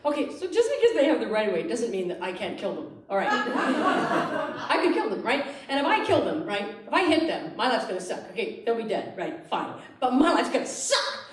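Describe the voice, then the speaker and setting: A woman's voice: on the high side, sing-song, a little fast, hardly any pauses, slight background noise. A woman doing a stand-up comedy set in a theatre, talking in a brash, profane, ranting way into a handheld mic. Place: theatre stage before a live audience. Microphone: handheld stage mic. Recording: roomy live theatre with audience laughter. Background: audience laughter.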